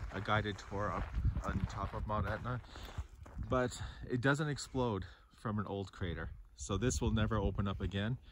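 An older man co-hosting a travel vlog on a volcano crater, explaining plainly with small fillers, a little out of breath. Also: on the low side. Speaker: vlog co-host. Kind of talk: casual chat while hiking. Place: outdoors on a windy volcano crater. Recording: loud outdoor wind noise.

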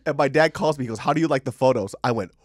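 A man in his thirties, a podcast co-host, telling a story in casual chat, swearing often and loudly acting out the quotes. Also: mid-range voice, rapid-fire, dry recording, clean studio sound. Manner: animated, profane, acts out quotes loudly.

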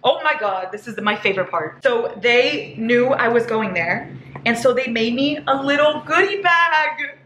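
A woman vlogging a casual haul, gushing and excitable, squealing over each item. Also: on the high side, normal speed. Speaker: book vlogger. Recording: echoey room with faint hiss.

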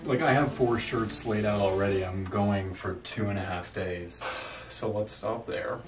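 At home while packing, a young male vlogger chats casually to his camera, rambling and tossing in self-mocking asides. He speaks in a lowish voice at a measured pace, with music playing in the background.

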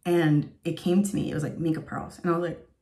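Earnest woman with a lowish voice. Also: flat delivery, fast talker, mellow. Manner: earnest, emotional, rambling with many fillers. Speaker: faith vlogger. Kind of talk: casual spoken testimony.

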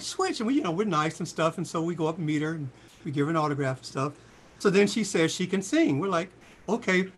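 A man in his sixties, a singer, telling lively stories in a casual interview and jumping into high voices for quotes. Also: a little hiss or hum. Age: 60s. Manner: animated storyteller, jumps into high voices for quotes. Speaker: singer and guest.

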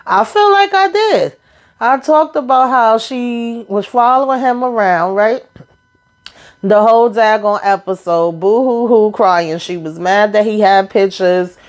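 A TV recap YouTuber, this woman casually goes over a reality TV episode for her viewers, chatty and full of slang, tossing sassy asides to the audience. Her voice is fairly high with lively intonation, and she talks a little slowly.

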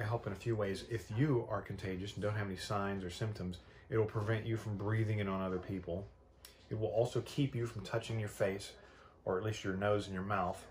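A man's voice: fairly low pitch, a little hiss or hum. A young man casually talking to camera in his home studio, rambling with lots of fillers and restarts. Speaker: vlogger.

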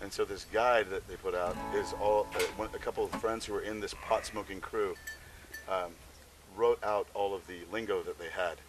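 A man's voice: on the low side, fairly even intonation, normal speed, background noise. A man fronting a band, rambling and swearing in laid-back stage banter between songs at an outdoor festival campsite. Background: live band music.

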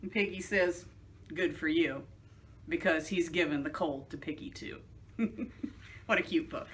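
A woman's voice: on the low side, moderate pace, a bit bright. A woman, a children's librarian, reading a picture book aloud for storytime.

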